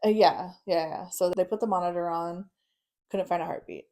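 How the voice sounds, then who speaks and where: A woman's voice: fairly low pitch, fairly even intonation, normal speed, dark tone. A young woman telling a personal story casually and bluntly, swearing often. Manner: blunt, frequent swearing, nervous laughs. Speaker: guest.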